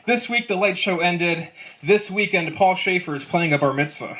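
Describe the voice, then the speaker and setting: Lively young man doing stand-up. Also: high-pitched, takes it slowly, pauses often, noisy background. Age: 20s. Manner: dry one-liners, chuckling at his own jokes. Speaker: amateur comedian. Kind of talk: stand-up comedy. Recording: live set with audience laughter. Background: audience laughing.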